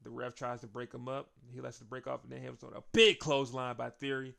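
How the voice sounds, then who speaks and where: A man hosts a casual wrestling recap, talking in a loose, chatty way and laughing often between points. His voice is gravelly, with a middling pitch. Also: fairly even intonation, quick pace, a bit bright.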